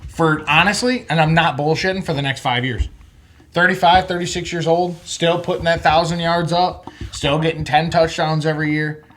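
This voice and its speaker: A man's voice: fairly high pitch, steady tone, normal speed, fairly bright tone. A man co-hosting a casual sports podcast, blunt and profane, who gets worked up when he makes his point. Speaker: podcast co-host.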